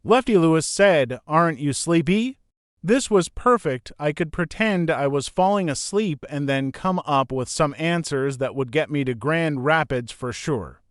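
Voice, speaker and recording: Smooth-voiced man narrating a storybook. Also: a little high, unhurried, few pauses, no room sound, clean studio sound. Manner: plain, steady first-person reading. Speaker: audiobook narrator.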